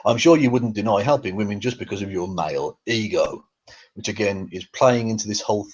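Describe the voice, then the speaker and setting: A husky man delivering a profane, irritated commentary, full of fillers and restarts. His voice sits low, and the recording is dull and lo-fi, like a cheap home mic. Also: a little fast. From England. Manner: angry, sweary, with many fillers. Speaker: YouTube commentator. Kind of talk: ranting commentary on a feud.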